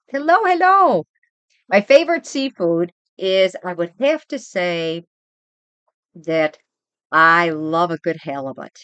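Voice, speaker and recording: An older woman and grandmother hosting a casual livestream chat, rambling and animated as she tells stories from home. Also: fairly low pitch, no echo. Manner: chatty, rambling, animated storytelling. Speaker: livestream host.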